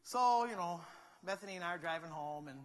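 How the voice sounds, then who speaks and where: A man preaching a sermon as pastor, talking in a conversational, animated way and acting out quotes. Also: sits high, fairly quick, big-room sound. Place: church sanctuary.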